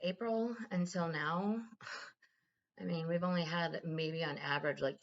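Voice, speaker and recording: Woman vlogger, low gravelly voice, blunt and rambling, dull lo-fi sound. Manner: candid, rambling, swears freely. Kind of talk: casual personal vlog.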